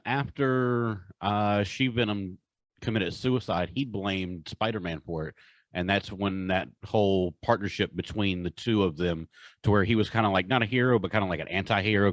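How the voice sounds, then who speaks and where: A man with a lowish voice co-hosts a podcast in casual chat, speaking at normal speed. He's earnest but hesitant, with many uhs. The recording is dry.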